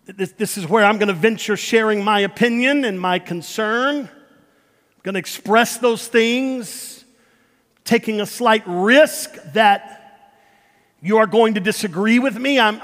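A man preaching a sermon, emphatic, repeating words and swinging between loud and hushed. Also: high voice, measured pace. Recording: long hall reverb.

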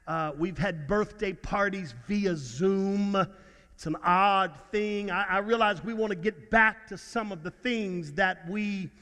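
High-voiced man preaching in a reverberant hall. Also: pushed and bright. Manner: earnest preaching with repeated stammered restarts. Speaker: pastor. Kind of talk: sermon.

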